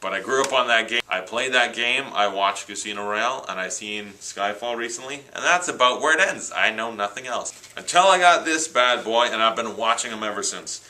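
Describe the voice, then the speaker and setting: A man's voice: mid-range voice, expressive, fairly quick, few pauses, bright, forceful tone, low-quality recording. A man chatting casually on camera, rambling and enthusiastic as he reviews his new films. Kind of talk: casual unscripted vlog. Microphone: handheld camera, self-recorded.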